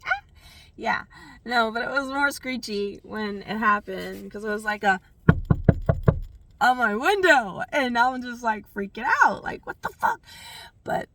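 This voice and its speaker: A woman's voice: mid-range voice, a bit bright, recorded from a distance. A woman vlogger telling a personal story in a rambling, candid way, with lots of fillers and restarts.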